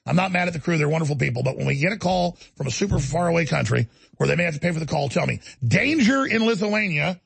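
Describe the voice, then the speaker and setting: A man's voice: a little high, rapid-fire, vocal fry, breathy edge, no room sound. A man hosting a call-in radio show, ranting intensely and mocking others in put-on voices. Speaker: radio show host taking calls. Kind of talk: heated talk radio rant.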